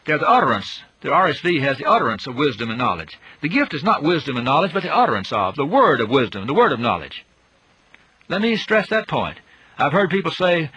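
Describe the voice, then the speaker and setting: A man's voice: a little high, huge pitch swings, quick pace, bright, forceful tone, breathy edge, lo-fi sound. A man giving a Bible teaching, emphatic, his voice rising on rhetorical questions.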